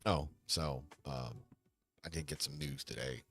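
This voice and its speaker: Very deep gravelly-voiced man rambling. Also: very animated, a little slow, a bit bright, faint music behind. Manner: rambling and hesitant, with many restarts and sighs. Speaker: livestream host. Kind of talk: casual livestream chat.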